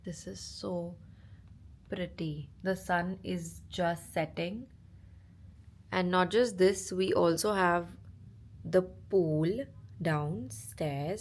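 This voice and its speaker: A woman's voice: on the low side, extremely slow. A young woman from India vlogging casually from a hotel room, chatty and gushing, talking through a cold and sore throat. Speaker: travel vlogger. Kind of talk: casual travel vlog.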